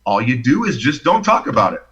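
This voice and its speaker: A man telling his personal story as a podcast guest, expressive and animated, acting out the quotes. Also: medium pitch, fairly quick, slightly rough, lo-fi sound.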